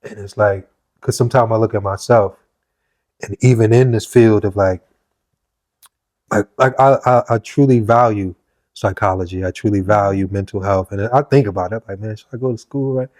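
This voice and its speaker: Man, casual host, lively quoting, low voice, dry mic. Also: normal speed, no room sound. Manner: animated storytelling, acts out quotes. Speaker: podcast host. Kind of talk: casual conversation.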